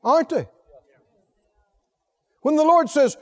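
A man preaching a sermon, emphatic and full of rhetorical questions to the congregation, swinging from soft low asides to loud exhortation. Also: very animated, unhurried.

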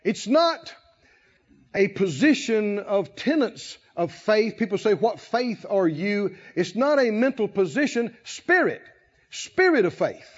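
A male pastor delivers a sermon, swinging between soft asides and loud, shouted exhortation. His voice sits very high and leaps about. The recording is dull and lo-fi. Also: very animated, measured pace.

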